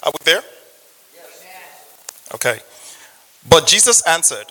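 A man's voice: high-pitched, big pitch swings, takes it slowly, pauses often, pushed and bright. A man preaching a sermon, reading scripture and sharing a personal testimony in an earnest manner. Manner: earnest, testimony-sharing, asks audience for amens. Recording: long hall reverb.

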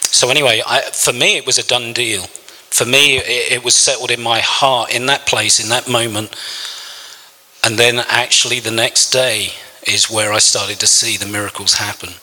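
A man's voice: medium pitch, steady tone, normal speed, pushed and bright, long reverb tail, poor audio. A man preaching a sermon, telling a personal story in an earnest, emotional way. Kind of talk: sermon testimony.

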